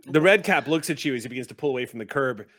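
A man as game master, narrating scenes vividly in a relaxed way with crude humor. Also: mid-range voice, very fast.

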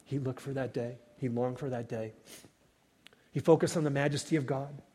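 A man preaching a sermon as pastor, rising to loud cries and falling to hushed whispers. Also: medium pitch, fairly even intonation, normal speed, slightly rough. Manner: dynamic preaching, swells loud then drops to whispers. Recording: long hall reverb.

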